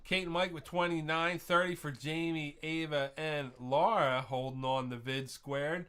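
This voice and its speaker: A man's voice: fairly high pitch, steady tone, unhurried, pushed and bright, clean tone. A man hosting a live online trivia quiz, chatty and laughing at his own jokes, drifting into rambling rants between answers.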